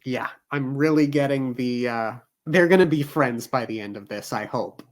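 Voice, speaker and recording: Man, book club co-host, dry humor, measured, mid pitch. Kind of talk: casual book discussion.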